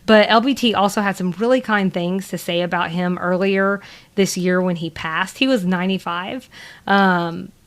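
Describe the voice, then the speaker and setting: A woman's voice: on the low side, moderate pace. Woman, Southern US accent, podcast co-host, casual rambling chat, lots of ums and laughs.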